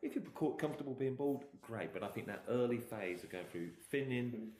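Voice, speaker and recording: Male host, lively pitch swings, plain-spoken and laughing, roomy sound with a faint hiss. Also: fairly quick. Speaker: show host. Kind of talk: casual studio chat. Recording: echoey room with faint noise.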